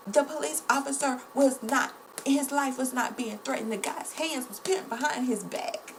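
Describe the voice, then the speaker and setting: Impassioned woman, gravelly edge. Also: high voice, normal speed, a little hiss or hum, rough recording. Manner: impassioned, indignant, addresses viewers as y'all. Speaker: vlogger. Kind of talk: casual commentary to camera.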